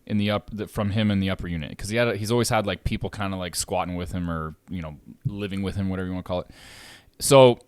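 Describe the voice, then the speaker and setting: A man hosting a podcast, telling a landlord story in a loose, animated way, swearing freely and getting louder as he gets riled up. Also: low voice, fast, clear, resonant tone, no echo. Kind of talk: casual podcast chat.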